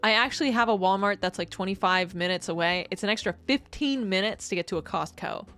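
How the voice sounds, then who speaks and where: A woman's voice: mid-range voice, fast, fairly bright tone, faint music behind. A woman streamer in casual chat, rambling and laughing often as she reads chat messages.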